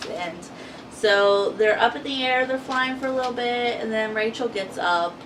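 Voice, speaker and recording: A woman co-hosting a casual TV recap, chatty and giggly, acting out quotes as she tells the story. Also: medium pitch. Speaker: co-host of a TV recap channel. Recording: distant mic with noisy background.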